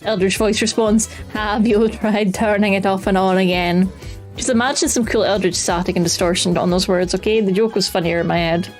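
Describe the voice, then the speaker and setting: A woman's voice: medium pitch, steady tone, brisk. A woman streaming a video game live, chatting playfully, humming along and reading the on-screen text aloud into her desk microphone. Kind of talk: live gameplay commentary. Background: faint game music.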